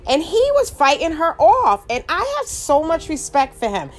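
A woman's voice: high voice, wildly swooping pitch, moderate pace. Middle-aged woman telling a rambling story. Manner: rambling, with many restarts and asides. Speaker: vlogger. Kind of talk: casual storytelling monologue.

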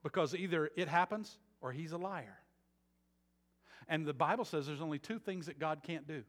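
A man preaching a sermon as a pastor, moving between quiet earnest passages and loud emphatic ones. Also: on the high side, normal speed, big-room sound. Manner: dynamic preaching, swings from soft to loud emphatic.

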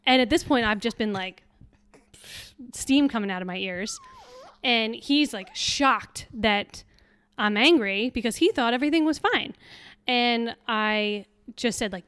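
A woman's voice: on the high side, unhurried, fairly bright tone, smooth, no room sound, studio quality. A young adult woman co-hosting a podcast, telling a story in casual chat and acting out the quotes. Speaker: podcast co-host.

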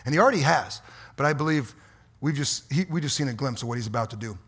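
A man preaching a fiery, folksy sermon as pastor in a church, swinging from quiet asides to loud exhortation. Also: mid-range voice, expressive, quick pace, slightly rough. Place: church sanctuary.

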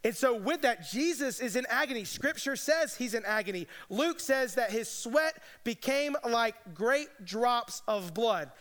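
A man's voice: extremely high pitch, expressive, unhurried, few pauses, a bit bright. A man preaching a sermon as pastor, earnest but conversational, with casual asides. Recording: long reverb of a large hall.

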